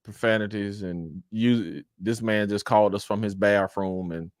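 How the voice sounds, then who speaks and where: A man's voice: lowish voice, fairly even intonation, measured pace. A man hosting a casual sports talk show, laughing and exasperated, with a sound and a lot of "all right, man.". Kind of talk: casual chat.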